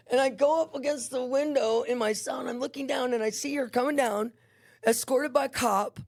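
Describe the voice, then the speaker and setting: A woman's voice: sits high, a little fast. A woman guest animatedly telling a personal testimony, acting out scenes with voices and sound effects.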